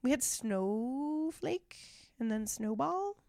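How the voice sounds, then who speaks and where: A woman's voice: sits high, animated, slow pace, vocal fry, darkish tone, dry recording, clean studio sound. A woman co-hosting a podcast, reading a story aloud in casual chat and often breaking into giggles.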